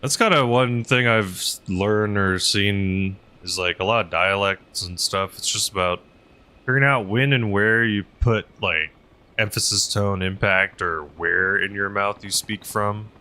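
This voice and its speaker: Man, young adult, rambling casual stream talk, low-ish voice, bright edge. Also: measured pace. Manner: rambling, filler-heavy, laughs often. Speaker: streamer flying a helicopter. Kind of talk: casual gaming stream chat.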